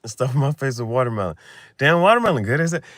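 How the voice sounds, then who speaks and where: A man's voice: medium pitch, very animated, fast, dry recording, studio quality. Slangy young man, loose late-night chat. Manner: loose slangy talk, laughs often, swings from loud to mumbled. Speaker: vlogger.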